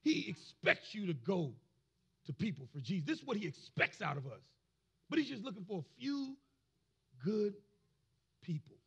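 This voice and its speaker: Male pastor, raspy bright voice, preaches with shouted build-ups and call-and-response. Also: high voice, very animated, normal speed, pauses often. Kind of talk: sermon.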